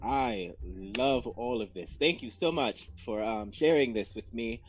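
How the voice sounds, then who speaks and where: A man's voice: medium pitch, expressive, unhurried. A man in a tabletop game speaking as his rogue character, playful and swinging between gushing and dry remarks. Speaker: player voicing a rogue character.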